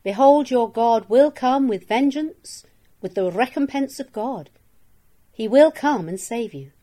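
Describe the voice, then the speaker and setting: A woman reads scripture aloud for a daily devotional, her voice sitting a little high. She takes her time over each line, measured and solemn, and reads out every verse reference. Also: lively intonation, warm tone. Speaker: scripture reader. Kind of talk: slow devotional Bible reading.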